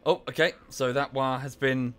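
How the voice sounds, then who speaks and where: A man's voice: mid-range voice, fairly even intonation, normal speed, a bit bright, clear, resonant tone. A young man giving casual live-stream commentary on a strategy game at home, chatty, easily distracted and apologetic. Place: room at home.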